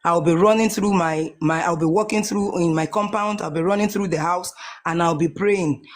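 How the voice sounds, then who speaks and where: A woman's voice: fairly low pitch, normal speed, a little hiss or hum. A Nigerian woman in her forties giving an emotional personal testimony, earnest and repeating her phrases as she goes. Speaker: guest sharing a testimony.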